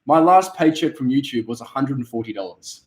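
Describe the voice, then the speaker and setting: A young man hosting a casual livestream chat, blunt and excitable, swearing freely. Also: mid-range voice, a little fast. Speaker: YouTuber host. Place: living room of a house. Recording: roomy indoor echo.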